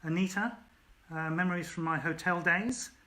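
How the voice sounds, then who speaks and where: This man's voice sits high, with a sharp tone and a moderate pace. He's an author livestreaming from home in lockdown, reading his own story and then chatting loosely with viewers, peppering his talk with ums and thanking people by name.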